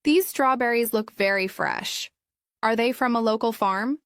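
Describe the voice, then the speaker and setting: A woman's voice: on the high side, measured pace, clean tone, no echo, clean studio sound, close to an everyday voice. A woman voicing a polite young woman making small talk with sellers and friends. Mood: pleasant. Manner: polite, pleasant.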